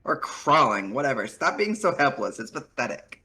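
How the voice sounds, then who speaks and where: Bossy valley girl troll, put on by a man, swoopy, high and sharp, comic read-aloud. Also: sing-song, moderate pace. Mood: scornful. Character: bossy, scornful young female troll.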